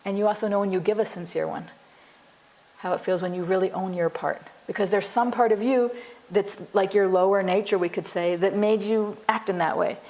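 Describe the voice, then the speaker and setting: A woman's voice: medium pitch, steady tone, brisk, a little mellow, poor audio. A woman psychologist teaching a class, explaining earnestly in a conversational way with lots of "you know" and acted example dialogues. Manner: frequent "you know" and restarts.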